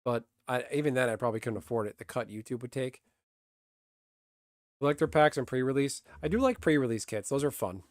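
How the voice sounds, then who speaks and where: A man's voice: mid-range voice, lively intonation, brisk, no room sound, studio quality. Blunt, grumbling male streamer. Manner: blunt, swears freely, grumbling. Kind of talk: casual live-stream chat.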